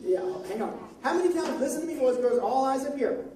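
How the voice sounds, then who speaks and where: Directing a children's Bible skit, a woman ministry teacher with a high voice speaks quickly, animated and coaxing, feeding lines for the kids to repeat. The distant mic catches a big reverberant church hall full of chattering children.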